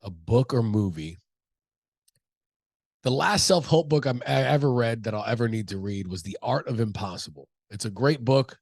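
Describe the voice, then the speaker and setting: Man in his thirties, stuffed-up nose, casual profane rambling, middle pitch, dry close sound. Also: creaky, no echo. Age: 30s. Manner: loose, rambling, profane, self-interrupting. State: stuffy from allergies. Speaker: comedian podcast host. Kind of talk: casual solo talk.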